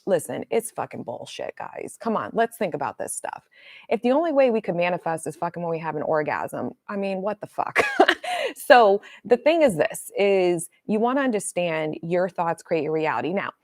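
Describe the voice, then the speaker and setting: Middle-aged woman coach, livestream chat, blunt and swears, slightly low voice, dry close sound. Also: normal speed, no room sound. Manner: blunt, swears freely, animated storytelling. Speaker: manifestation coach. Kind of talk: casual livestream talk.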